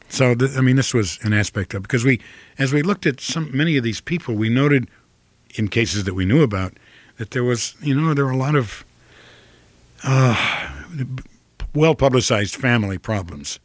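An older actor from Ohio with a flat Midwestern accent, answering interview questions slowly, with many fillers and restarts. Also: male voice, medium pitch, dry recording. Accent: flat Midwestern American.

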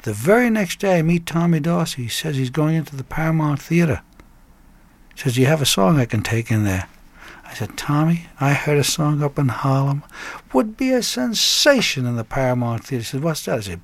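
An older man, a guest songwriter, telling a story in an animated way and breaking into snatches of song. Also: fairly high pitch, normal speed. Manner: lively raconteur who breaks into snatches of song and laughs.

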